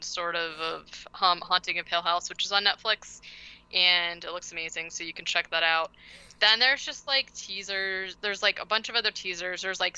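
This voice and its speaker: On a rough recording, a woman with a fairly low-pitched, sharp, smooth voice co-hosts a podcast. Her casual chat is loose and filler-heavy, and she laughs often.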